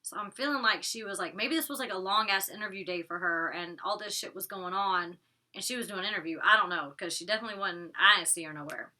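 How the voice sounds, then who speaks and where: A woman's voice: medium pitch, fast talker, bright, forceful tone. A woman giving a blunt, opinionated recap of a reality TV episode, swearing freely and talking casually. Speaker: reality TV reviewer.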